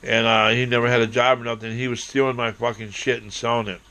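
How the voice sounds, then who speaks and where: A man telling a rambling, profane personal story, acting out quotes and breaking into shouting. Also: medium pitch, flat delivery, quick pace.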